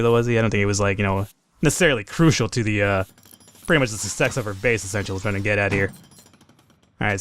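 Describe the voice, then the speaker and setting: A man commentating his own gameplay in a let's play, excitable, swearing and laughing at his own mistakes. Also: lowish voice, creaky, a little hiss or hum. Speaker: gaming commentator.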